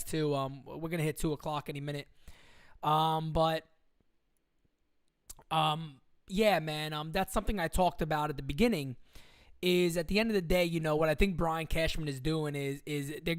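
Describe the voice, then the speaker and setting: A man's voice: fairly high pitch, clear, resonant tone, no room sound, studio quality. A young man hosting a casual sports livestream, rambling and joking as he reads out viewer comments. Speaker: livestream host.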